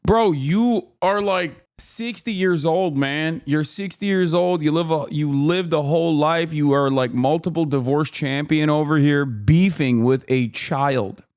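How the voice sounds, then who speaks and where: A man's voice sits a little high as he rants through live-stream commentary. He talks in an animated, profane way, riffing loudly and swearing freely. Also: unhurried, few pauses, clear, resonant tone. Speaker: streamer reacting to clips.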